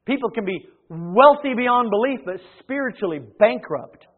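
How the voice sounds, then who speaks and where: Guy preaching, high voice, loud then real quiet, sounds like over a phone. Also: lively intonation, moderate pace. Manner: swings between loud emphatic peaks and hushed low asides. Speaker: pastor. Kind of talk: sermon. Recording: tinny phone-like sermon recording.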